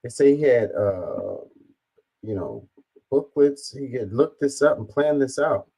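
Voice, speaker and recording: A man's voice: mid-range voice, sing-song, measured pace, dark tone, slightly rough, poor audio. A man casually reacting to a news story, reading viewer comments aloud and swearing bluntly.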